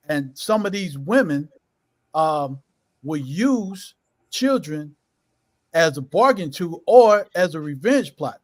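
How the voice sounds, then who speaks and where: A middle-aged man, a father of four, speaking earnestly about his own life in a casual panel discussion. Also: sits high. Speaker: panel guest.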